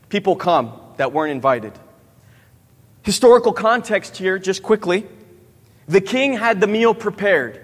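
Man preaching a sermon, high voice, long hall reverb, frequent "right?" questions. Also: fairly bright tone. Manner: asks the audience questions, tags "right?". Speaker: youth pastor.

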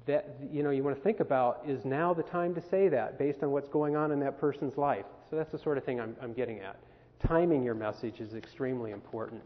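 A man presenting a workshop on communication to a camp group, talking conversationally and asking the group questions. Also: medium pitch. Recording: phone-quality recording in a reverberant hall.

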